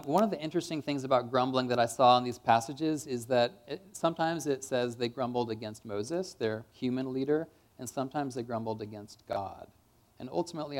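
A man preaching a sermon in a church, in a casual, conversational way with lots of "kind of" and "like.". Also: medium pitch.

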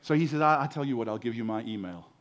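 A man's voice: mid-range voice, lively intonation, quick pace. A man in his forties preaching a sermon as the pastor, telling stories in a conversational way and often repeating his first words. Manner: conversational storytelling, repeats words when starting.

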